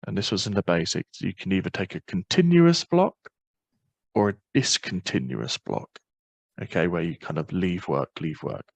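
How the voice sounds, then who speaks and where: A man with a Northern Irish accent presenting a webinar, explaining quickly and informally with many fillers. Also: low-pitched, big pitch swings, vocal fry, no echo, rough recording. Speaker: webinar presenter on parental leave.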